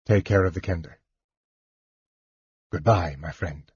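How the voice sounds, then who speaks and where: A man voicing a grave, noble knight who speaks softly and low, resigned and tender, in an audiobook. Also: normal speed, slightly rough, no room sound, muffled recording. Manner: soft, low, hushed. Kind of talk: audiobook character voice.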